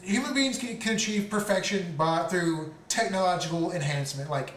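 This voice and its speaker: Male podcast co-host, high voice, rambling and stammering, casual swearing, echoey room with faint noise. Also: normal speed, a bit bright. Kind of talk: casual chat. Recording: roomy, distant mic, faint noise.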